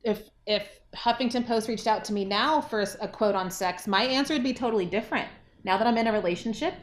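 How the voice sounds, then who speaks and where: A woman co-hosting a podcast in casual chat, supportive and quick with teasing jokes. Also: a little high. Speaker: podcast co-host. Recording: roomy echo.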